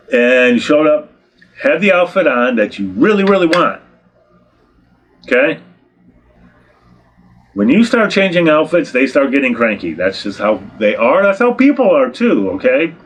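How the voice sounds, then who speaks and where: Blunt, exasperated male photographer lecturing. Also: mid-range voice. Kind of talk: direct-to-camera advice talk.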